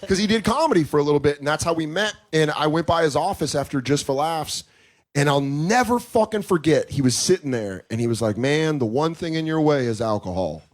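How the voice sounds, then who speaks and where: A man's voice: fairly high pitch, brisk. A man in his thirties, a comedian talking candidly in a podcast conversation, telling stories with lots of swearing and acted-out quotes. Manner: profane, animated storytelling with quoted voices. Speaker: comedian guest.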